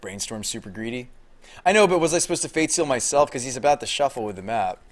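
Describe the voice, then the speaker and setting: A man talking through a live card game stream, with deadpan delivery and little rise or fall in his voice. His pitch sits in an ordinary middle range as he thinks aloud and answers his viewers. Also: quick pace.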